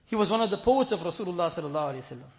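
A man's voice: sits high, very fast. A man preaching a sermon, telling scripture stories with emphatic repetition and breaking into chanted Arabic verses. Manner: lively storytelling, mixes in chanted Arabic verses; emphatic, repeats phrases for stress.

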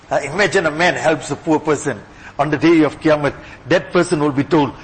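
A man preaching a sermon with passion, swinging between loud exhortation and hushed, pleading asides. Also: high voice. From Gujarati-speaking background. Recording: long hall reverb.

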